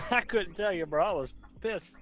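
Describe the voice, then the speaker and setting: A man's voice: sits high, animated, unhurried, a loud crowd. A man from the Carolinas with a mild Southern accent, a podcast guest rambling through exasperated stories with frequent laughs. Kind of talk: casual chat. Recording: dull lo-fi voice chat audio.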